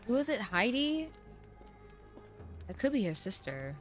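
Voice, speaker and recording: A woman's voice: a little high, very animated, a little slow, faint music behind. A woman giving chatty, reactive commentary while playing a video game. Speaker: gameplay streamer. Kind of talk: casual gameplay commentary.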